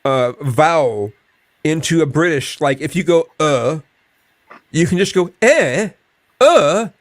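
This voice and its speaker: A man on a live panel, explaining in a halting, self-correcting way during casual chat. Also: a little high, no echo. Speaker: panel guest.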